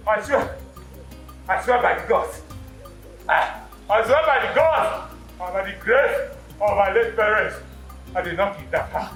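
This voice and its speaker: A desperate pleading man, very high, bright, echoey, music under. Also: a little slow, long pauses. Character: frightened accused man begging a king. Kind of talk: Nollywood film drama. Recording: echoey room, music behind.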